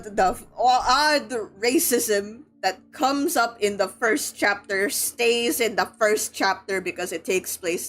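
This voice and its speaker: A young woman from the Philippines talks casually about a novel, full of fillers and quick laughs. Her voice sits a little high, and soft music plays faintly underneath. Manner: chatty, laughing, filler-heavy. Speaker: streamer. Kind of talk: casual book discussion.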